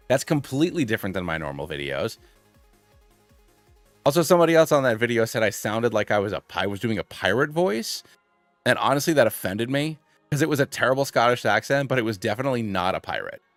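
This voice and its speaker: A man's voice: medium pitch, no echo. A man in his thirties chatting casually on a live stream, rambling with lots of fillers and self-deprecating asides. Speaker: gaming streamer.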